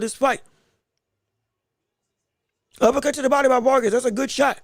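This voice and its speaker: A man hosting a live podcast, giving rapid round-by-round boxing commentary with excited outbursts. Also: very high voice, dry recording, clean studio sound. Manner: rapid play-by-play, excited outbursts, talks to the chat. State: hiccups.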